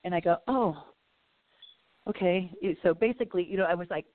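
A woman's voice: lowish voice, moderate pace, no echo. A middle-aged woman, a guest in a casual interview, telling long rambling stories full of "you know" and acted-out quotes. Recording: phone-like audio.

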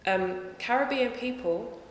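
A female singer from England answers interview questions conversationally, often correcting herself and wandering into lively tangents. Her voice is on the high side and a little slow, recorded in an echoey room with long reverb.

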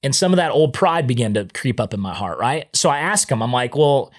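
A man's voice: medium pitch, very animated, fairly quick. A man telling the story of how he became a missionary in a casual, conversational way, often dropping in "man" and "right?". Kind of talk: personal testimony storytelling. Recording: music playing underneath.

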